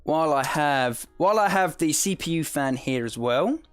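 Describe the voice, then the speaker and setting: Male streamer, Essex accent, chatty and animated, laughs easily. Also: fairly high pitch, moderate pace, faint music behind. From south of England. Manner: chatty, reads chat aloud, laughs often. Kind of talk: live-stream tutorial chat.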